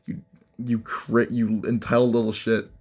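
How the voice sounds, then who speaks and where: A man's voice: on the low side, little pitch movement, measured pace, a little mellow. Young man ranting about fights. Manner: blunt, rambling, mocking, with frequent restarts. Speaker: MMA commentary vlogger. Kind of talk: casual ranting commentary.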